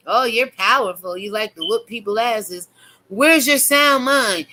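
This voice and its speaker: A woman's voice: a little high, measured pace, sharp tone, low-quality recording. A woman YouTuber preaching in a fiery, profane rant to her viewers. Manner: fiery, preachy, heavy cursing. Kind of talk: religious rant to camera.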